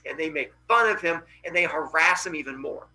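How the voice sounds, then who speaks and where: A male teacher tells a Greek myth to his class in a loose, joking, slangy way. His voice is high and animated, with lots of lift and fall. Its tone is bright and sharp. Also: fairly quick, rough recording. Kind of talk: casual myth storytelling in class.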